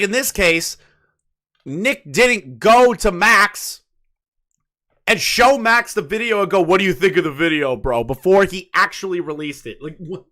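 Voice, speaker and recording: A commentary host in his late twenties reads messages aloud on a casual show, mocking them with incredulous, profane asides. His voice is high-pitched and sharp.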